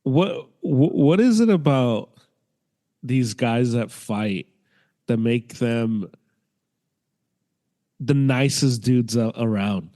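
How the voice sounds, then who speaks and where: Man musing casually on a podcast. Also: medium pitch. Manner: halting, restarts, animated asides. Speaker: podcast co-host. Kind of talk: casual chat.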